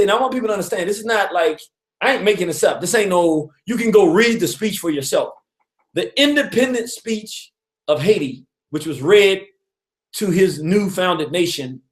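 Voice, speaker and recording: Animated man telling history on radio. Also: sits high, reverberant. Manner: animated storyteller, chuckles often, acts out quotes. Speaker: radio show host. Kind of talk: casual radio history talk.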